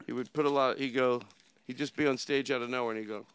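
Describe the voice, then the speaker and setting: A man hosting a casual podcast chat, rambling and animated, now and then slipping into impressions of other comedians. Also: medium pitch, fast, clear, resonant tone.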